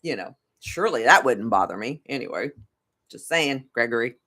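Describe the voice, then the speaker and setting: A woman's voice: rumbling low, expressive, normal speed, fairly bright tone, slightly rough. A middle-aged woman talking casually to camera as a tarot reader, rambling, laughing often and swearing freely. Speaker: tarot reader and life coach.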